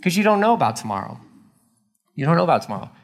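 A man in his forties giving a sermon, his voice a little higher than most men's. He preaches in a casual, conversational way and swings his pitch up and down a lot. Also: very fast, creaky. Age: 40s. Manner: animated, conversational preaching with acted-out quotes. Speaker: pastor.

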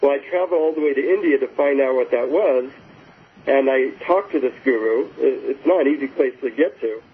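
A guest author talks enthusiastically and casually in an interview, telling anecdotes and often restarting his sentences. His mid-range voice is slightly rough and a little fast, heard over a phone-like line with faint hiss.

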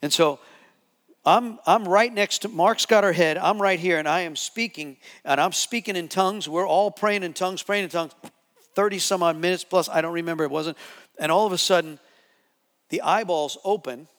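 Man preaching with animated storytelling. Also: high-pitched, moderate pace, big-room sound. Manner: animated, repetitive storytelling with restarts. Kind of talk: sermon testimony storytelling.

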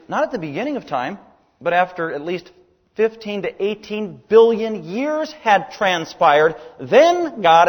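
A man's voice: mid-range voice, in a large hall. A man preaching a sermon with emphatic delivery, his voice climbing on key words.

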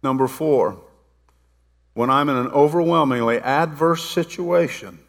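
A man preaches to his congregation, mixing scripture retellings with casual, playful asides. His voice has a gravelly edge. The sound carries a long reverb from a large sanctuary. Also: medium pitch, unhurried. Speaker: pastor. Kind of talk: sermon. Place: church sanctuary.

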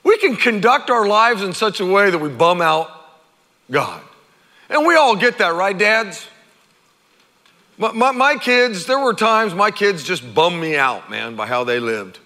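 A middle-aged man preaching a sermon as pastor, conversational and animated, acting out quotes. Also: sits high, unhurried. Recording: long hall reverb.

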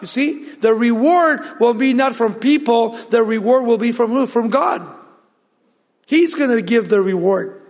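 Guy preaching a sermon, kinda high voice, lots of question-and-answer, big hall echo. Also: measured pace. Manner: emphatic preaching, rhetorical questions answered aloud. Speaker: pastor.

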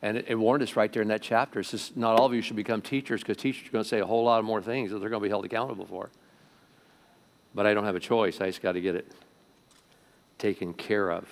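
Animated male pastor preaching a sermon. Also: on the low side, quick pace. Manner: animated, swinging between loud emphasis and quiet asides; talks directly to the congregation, asking questions. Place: church sanctuary before a congregation.

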